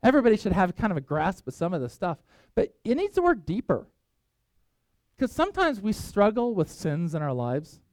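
A man's voice: sits high, wildly swooping pitch, normal speed, a little mellow, no echo. A middle-aged man, a pastor preaching a conversational sermon, acting out quoted voices and restarting sentences as he goes.

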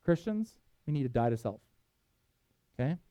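A man preaching a sermon, reading scripture aloud with emphatic swings in loudness. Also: mid-range voice, big pitch swings, moderate pace, no echo, dull audio. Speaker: pastor.

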